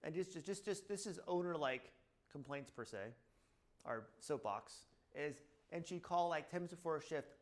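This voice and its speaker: A middle-aged man with a slightly high voice tells offhand stories about his clinic. He jumps between his own words and acted-out quotes, and he fills his lines with "blah, blah.". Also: normal speed. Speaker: chiropractor speaking at a seminar. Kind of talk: casual talk to a room.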